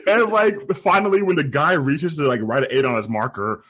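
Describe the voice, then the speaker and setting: A man co-hosting a podcast, retelling film scenes in an animated, laughing way. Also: fairly high pitch, a little fast, few pauses, a little hiss or hum. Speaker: podcast co-host. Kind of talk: casual film review chat.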